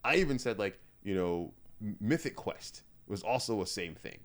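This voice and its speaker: A man's voice: on the low side, lively intonation, moderate pace. A man co-hosting a casual podcast chat, rambling through stories with restarts and chuckles. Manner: rambling, restarts, laughs between phrases. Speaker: podcast co-host.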